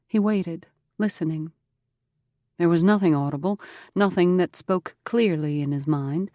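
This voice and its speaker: A woman narrating an audiobook in a measured, earnest storytelling manner on a close mic. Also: fairly low pitch, a little mellow, no echo. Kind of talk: scripted narration.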